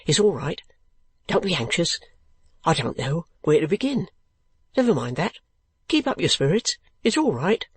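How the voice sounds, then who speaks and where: Man voicing Newman Noggs, fluttering and high. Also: sing-song, measured pace, husky, exaggerated voice. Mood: excited. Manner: fluttering, exultant, stammering. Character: excitable middle-aged male clerk, eccentric. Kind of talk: audiobook character voice.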